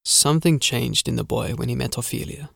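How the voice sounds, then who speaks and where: A man voicing a sinister, formal castle steward who speaks softly and drags out his vowels. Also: medium pitch, vocal fry, no echo, studio quality, voice pushed down. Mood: sinister calm. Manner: soft, measured, drawn-out vowels.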